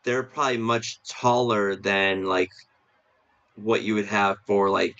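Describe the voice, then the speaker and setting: A man's voice: on the low side, level tone, unhurried, fairly bright tone. A man co-hosting a casual film review podcast, talking hesitantly with many restarts and fillers. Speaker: podcast co-host. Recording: dull lo-fi stream audio.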